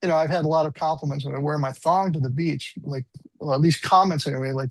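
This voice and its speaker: A man's voice: on the high side, quick pace, gravelly, no echo, low-quality recording. A man in his sixties, a guest musician, telling rambling, self-deprecating stories in a casual interview.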